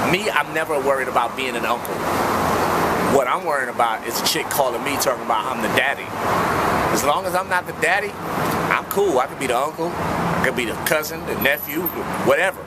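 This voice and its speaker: Blunt joking man outdoors, traffic loud. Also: mid-range voice. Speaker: vlog host answering viewer questions. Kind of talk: casual comedic monologue.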